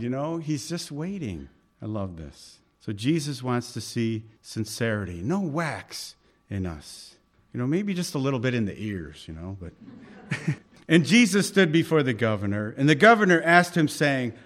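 A man preaching a conversational sermon, reading scripture aloud with force and dropping into soft asides. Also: a little high, moderate pace. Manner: animated, swings between loud reading and soft asides.

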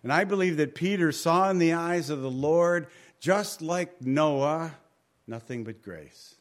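A pastor teaching through scripture in a conversational sermon, repeating key phrases for emphasis and dropping to a quiet voice at the ends of phrases. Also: male voice, fairly high pitch, a little slow.

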